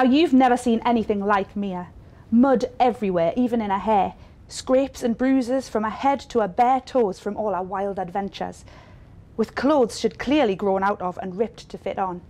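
A woman reads a short story aloud, gentle and unhurried. Her voice sits a little above the usual for a woman. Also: fairly high pitch. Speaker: story reader. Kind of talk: story reading.

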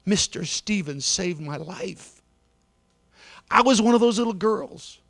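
A man's voice: high voice, lively intonation, takes it slowly, creaky, fairly bright tone, no room sound, voice pushed up, heavily acted. A man voicing a tearful older mother who speaks tenderly to a group of children.

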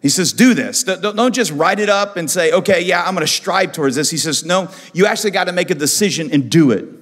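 High-voiced man preaching a sermon. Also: lively intonation, quick pace, fairly bright tone, long reverb tail. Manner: passionate preaching, acts out quoted voices. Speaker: pastor. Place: church auditorium.

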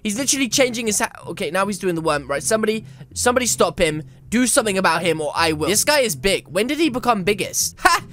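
A woman's voice: medium pitch, big pitch swings, fast talker, a bit bright. A woman making a gameplay video, narrating with dramatic commentary, scolding other players and letting out yelps and shrieks.

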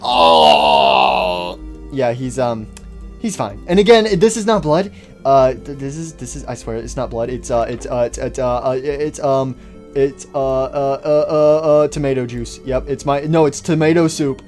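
A man's voice: medium pitch, steady tone, moderate pace, dark tone, soft background music. A man hosting a game video with goofy, stammering casual commentary. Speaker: gaming host.

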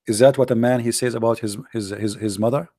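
A man's voice: medium pitch, steady tone, fast, warm tone, no echo, studio quality. An English speaker who hosts a debate show and argues combatively and sarcastically in broken English, restarting his phrases often. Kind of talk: heated religious debate.

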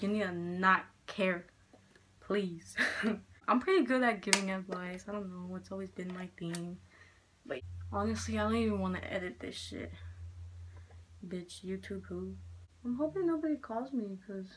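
A young woman vlogging a casual makeup chit-chat at home, frank and foul-mouthed, a little hoarse from being sick. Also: mid-range voice, fairly bright tone, a little hiss or hum. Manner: chatty, frank, swears a lot. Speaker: beauty vlogger. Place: room at home with poor lighting. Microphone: handheld mirror in one hand, camera fixed.

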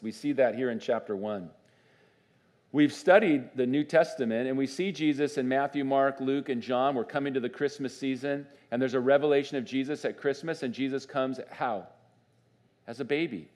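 A man preaching a sermon as pastor in a church, conversational and animated, often asking the congregation questions. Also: medium pitch. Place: church sanctuary.

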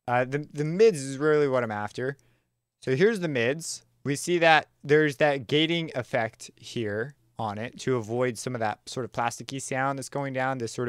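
A man teaching a casual music production tutorial, talking in a relaxed, chatty way with slang and plenty of fillers and self-corrections. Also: medium pitch, clean tone, no room sound, clean studio sound. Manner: enthusiastic, uses slang. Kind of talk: casual screen-recorded software tutorial.

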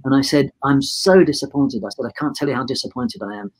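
A man's voice: medium pitch, racing, slight background noise, rough recording. A man in his sixties, a photographer being interviewed, telling a long story in a rambling way, acting out the dialogue and restarting his sentences. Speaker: photographer guest. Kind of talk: casual anecdote in a podcast interview.

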